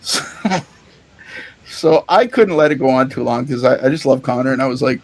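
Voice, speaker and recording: Animated storytelling podcast co-host man. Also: mid-range voice, normal speed, pauses often. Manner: animated storyteller, swears freely, laughs often. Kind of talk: casual chat, recounting a show.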